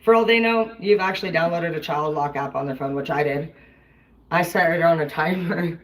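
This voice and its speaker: A woman's voice: sits low, moderate pace, rough recording. Blunt, foul-mouthed woman streamer. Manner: profane, blunt and rambling, heavy swearing. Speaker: tarot reader and live streamer. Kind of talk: casual rambling monologue to viewers.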